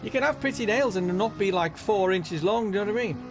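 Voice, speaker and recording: Fast-talking and high-pitched, this man has lively intonation and a mild Merseyside accent that points to northwest England. While hosting a sim racing live stream over game music, he rambles casually and keeps repeating "know what I mean."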